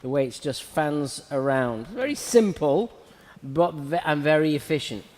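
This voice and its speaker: A man's voice: on the high side, lively intonation, a little slow, a little mellow, long reverb tail. A man hosting a live show, chatting casually and talking through a razor haircut as he works. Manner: chatty, laughs often, talks through a razor cut. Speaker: host and hair educator. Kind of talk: casual live-stream chat and haircut demo.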